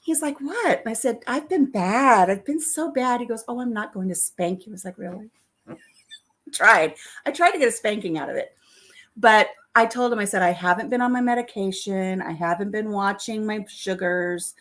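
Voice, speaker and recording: A woman's voice: mid-range voice, normal speed, a bit bright. A middle-aged woman vlogging from her home kitchen, telling self-deprecating stories to her viewers and laughing often. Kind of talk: chatty storytelling to live viewers.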